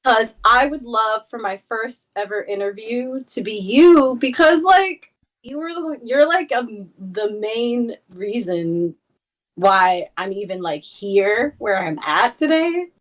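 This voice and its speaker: A woman's voice: fairly high pitch, lively intonation, takes it slowly. A young woman streamer in a casual chat, talking freely with many fillers and a playful tone. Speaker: Twitch streamer, guest.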